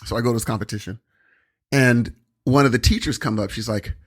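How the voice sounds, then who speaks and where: A man's voice: medium pitch, fairly quick, slightly rough. A young man co-hosting a podcast, telling rambling stories in casual chat with lots of fillers and quoted dialogue. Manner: rambling anecdotes with many fillers and quoted voices. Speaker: podcast co-host.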